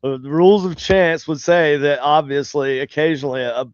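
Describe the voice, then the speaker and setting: A man's voice: fairly high pitch, steady tone, normal speed, highs cut off, noisy background. A man co-hosting a podcast in casual banter, argumentative, swearing often and stumbling over his words. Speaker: podcast co-host. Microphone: headphones on.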